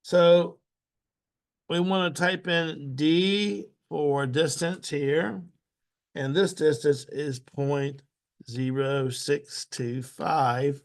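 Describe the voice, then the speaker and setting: A man teaching a step-by-step software tutorial. He repeats each step aloud patiently and keeps clearing his throat. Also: a little high, steady tone, very slow. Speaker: instructor.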